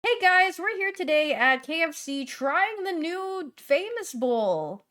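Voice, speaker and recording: A woman putting on the voice of a bubbly young food-review influencer who says the same lines about every dish, with drawn-out tasting murmurs. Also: very high-pitched, big pitch swings, sharp tone, voice pushed up, heavily acted. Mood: chirpy.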